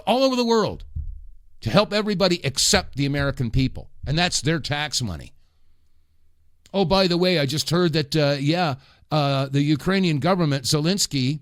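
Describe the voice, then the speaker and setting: A middle-aged man hosting a political talk radio show, delivering a rambling, impassioned monologue with sudden loud outbursts. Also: on the high side, dry recording, clean studio sound.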